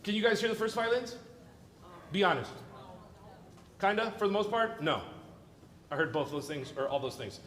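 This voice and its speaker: A man's voice: high-pitched, lively intonation, moderate pace, long pauses, a bit bright. Playful male orchestra clinician in an echoey hall. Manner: playful, jokey, counts and sings rhythms aloud. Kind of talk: rehearsal coaching with a student orchestra. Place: large hall with student orchestra. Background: orchestra music.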